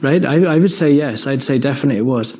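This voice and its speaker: With a mid-range, darkish voice and a fast delivery, an English man gives a relaxed talk about evidence for God, recounting personal stories thoughtfully and with frequent fillers. A faint hiss or hum sits under the recording.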